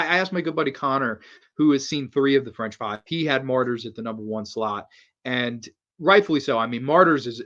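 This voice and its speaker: A man's voice: medium pitch, fairly bright tone, muffled recording. Profane, rambling horror-review man. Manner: rambling, profane and enthusiastic, reacts to live comments. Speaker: horror film review host. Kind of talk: casual film review chat.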